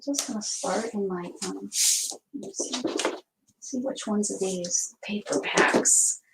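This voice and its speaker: A woman's voice: mid-range voice, slow pace. A woman hosting a crafting video, chatting casually to viewers and thinking aloud as she sorts paper. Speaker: craft channel host. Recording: noticeable background noise.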